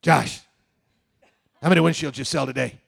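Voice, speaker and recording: A man's voice: on the high side, normal speed, vocal fry, husky, pitched above the performer's own voice, exaggerated voice. A man putting on a badgering chain-smoking boss. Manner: badgering, in-your-face. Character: pushy chain-smoking male boss, close talker.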